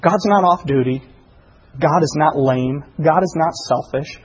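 Middle-aged pastor guy, kinda husky and high, preaching hard with lots of questions. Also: unhurried, lo-fi sound. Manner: impassioned, builds to loud preaching with rhetorical questions. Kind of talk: sermon.

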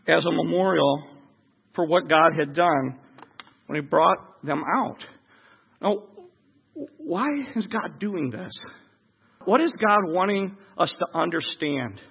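A high-voiced man preaching a sermon in an animated way, breaking into shouted voices as he acts out the crowd. His voice is husky and the recording sounds dull and lo-fi.

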